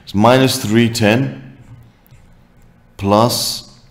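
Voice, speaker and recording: A man working through a maths problem aloud as a teacher, thinking out loud with frequent okays and self-corrections. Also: medium pitch, fairly even intonation, extremely slow, reverberant. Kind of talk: worked-example maths tutorial.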